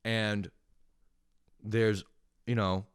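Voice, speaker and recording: A young man doing a profane, sarcastic comic rant, animated and full of swearing. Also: lowish voice, very slow, clear, resonant tone, dry recording, studio quality. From lives in Montreal. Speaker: comedian ranting to camera.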